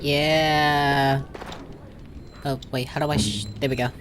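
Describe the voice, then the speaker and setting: A woman's voice: deep voice, level tone, slow pace, slight background noise. A woman giving chatty, giggly commentary while playing a game. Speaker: game streamer. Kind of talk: casual gameplay commentary.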